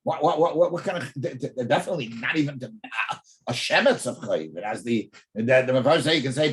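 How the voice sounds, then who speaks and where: A man teaching an in-depth Talmud class, animated, often repeating words as he thinks and asking rhetorical questions. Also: mid-range voice, quick pace.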